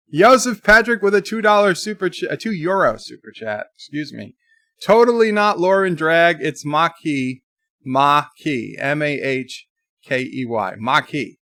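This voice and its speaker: A man's voice: mid-range voice, vocal fry, fairly bright tone, no echo, studio quality. A man hosting a livestream, reading viewer comments aloud in a chatty, exasperated way. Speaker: livestream host. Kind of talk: casual live chat reading comments.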